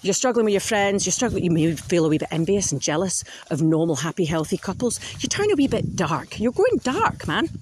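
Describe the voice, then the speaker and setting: A woman's voice: on the low side, lively intonation, quick pace, hardly any pauses, a little mellow, slight background noise. A woman hosting a podcast, talking frankly in a casual monologue and swearing freely. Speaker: podcast host.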